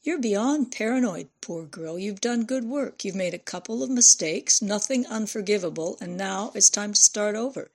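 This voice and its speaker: A woman voicing a shrewd older woman who gives brisk, commanding instructions, with a slight fry in her voice. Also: mid-range voice, animated. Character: shrewd older woman handing over cash.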